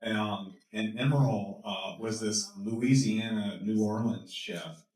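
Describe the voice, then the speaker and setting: Man, guest speaker, lively storytelling, stumbles over his words, roomy hall, heard from a distance. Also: on the low side, takes it slowly. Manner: enthusiastic, laughing, repeats words when excited. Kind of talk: animated storytelling in a Q&A. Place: lecture hall. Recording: echoey hall, mic from a distance.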